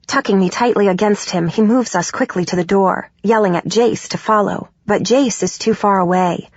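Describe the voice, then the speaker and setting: A woman narrating a first-person audiobook in a steady, even way. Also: medium pitch, normal speed, hardly any pauses, no room sound. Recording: dull, dry studio recording.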